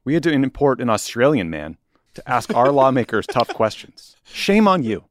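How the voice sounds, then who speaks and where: A man's voice: mid-range voice, lively intonation, normal speed, slight background noise. A man co-hosting a political podcast in casual chat, blunt and indignant. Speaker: podcast co-host.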